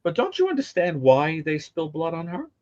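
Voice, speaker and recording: Animated man retelling horror movies. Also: moderate pace, no echo, dull audio. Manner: animated storyteller, acts out quotes in high mimicking voices. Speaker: co-host. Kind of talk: casual call-in show chat about horror films.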